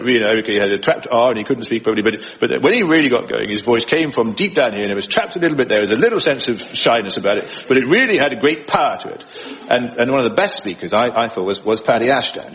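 A man's voice: medium pitch, a bit bright, lo-fi sound. A man, an impressionist, chatting in a radio studio interview, laughing often as he talks. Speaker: impressionist guest. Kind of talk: conversational interview.

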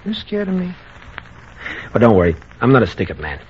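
A glib young racetrack swindler. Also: male voice, mid-range voice, wildly swooping pitch, fairly quick, a little hiss or hum. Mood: wary charm. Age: young adult. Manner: breezy, slangy, evasive. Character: smooth-talking young male racetrack swindler. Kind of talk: 1940s radio acting. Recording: dull old radio broadcast.

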